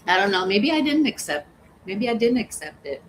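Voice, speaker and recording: A woman's voice: medium pitch, sing-song, fairly quick, slight background noise, low-quality recording. A woman hosting a casual livestream, reading viewer comments aloud, laughing often and cussing freely. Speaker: livestream host. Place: home, hot weather.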